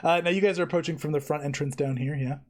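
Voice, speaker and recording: Male game master, casual narrator, slightly high voice. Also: fast. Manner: casual, easygoing narration with fillers.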